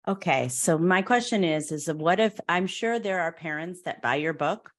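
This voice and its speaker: A middle-aged woman hosts a casual conversational interview in a notably low voice. She talks in a chatty, easygoing way, laughing now and then as she tells stories. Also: lively intonation, moderate pace. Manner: warm, chatty, often laughs and acts out quoted voices. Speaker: podcast host.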